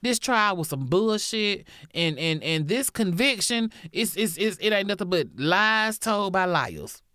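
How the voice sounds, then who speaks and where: A woman voicing a defiant, foul-mouthed old male convict who shouts angry denials. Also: medium pitch, animated, unhurried, no echo, clean studio sound. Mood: furious defiant. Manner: loud, cursing, indignant.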